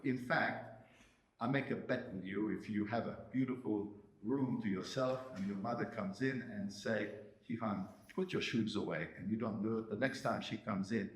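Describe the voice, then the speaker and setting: A man with a Hungarian accent coaching a pianist in a masterclass, emphatic and checking in with "yes?". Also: on the low side. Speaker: piano teacher giving a masterclass. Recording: roomy hall with piano playing.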